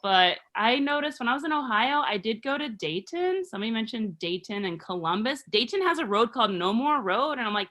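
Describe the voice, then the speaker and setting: A woman's voice: on the high side, expressive, brisk, hardly any pauses, sharp tone. A woman in her thirties from Arizona doing a rambling, self-deprecating stand-up comedy set. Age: 30s.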